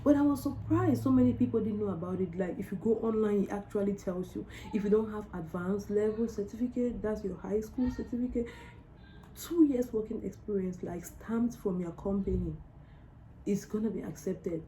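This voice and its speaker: A woman's voice: mid-range voice, moderate pace, warm tone, a little hiss or hum, poor audio. A young woman from Cameroon telling her story in a casual storytime vlog, chatty and emotional, with lots of "like". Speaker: vlogger.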